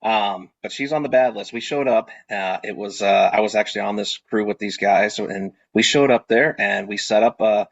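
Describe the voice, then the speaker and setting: A man's voice: lowish voice, normal speed, vocal fry, hardly any pauses, dry recording, highs cut off. Man telling a story on a video call. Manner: animated, acts out his own quoted lines. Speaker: party rental business owner.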